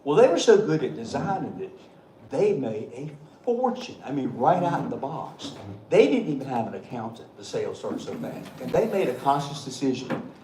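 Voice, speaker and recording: A man's voice: medium pitch, sing-song, normal speed, warm tone. A middle-aged man, a state treasurer telling joking, folksy stories to a meeting. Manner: folksy, joking, chuckling often. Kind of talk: storytelling speech at a meeting. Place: meeting hall. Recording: echoey room, faint background noise.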